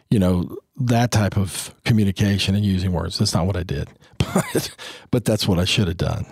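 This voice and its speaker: A man's voice: deep voice, moderate pace, darkish tone, husky, no room sound, clean studio sound. A man in his fifties giving casual, earnest parenting advice, acting out family dialogue as he goes. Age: 50s.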